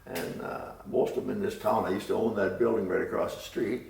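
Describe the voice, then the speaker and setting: Older man, oral history interviewee, low gravelly voice, rambling and chuckling; distant mic in a roomy space. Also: fairly even intonation, fairly quick, darkish tone, slight background noise.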